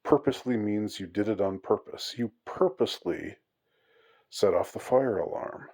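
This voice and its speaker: A man's voice: fairly low pitch, normal speed, a little mellow, breathy edge. A man giving a rambling, mock-outraged monologue with many fillers and restarts. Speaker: commentator on English usage. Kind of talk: casual monologue.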